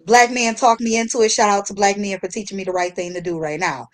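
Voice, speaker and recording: A woman hosting a casual chat show, telling a story in a lively, slangy way with frequent laughter. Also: mid-range voice, fast. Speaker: host.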